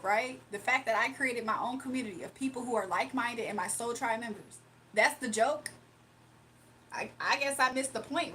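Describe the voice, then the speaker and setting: A young woman livestreamer with a high, slightly bright voice chats casually and reads her chat aloud. She's sarcastic and playful and laughs often, with slight noise in the background.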